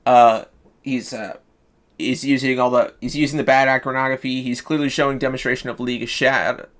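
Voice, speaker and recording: A man streaming live, pitching a story in loose casual chat, swearing freely and restarting sentences. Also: flat delivery, brisk, a bit bright. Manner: profane, loose, full of fillers and restarts.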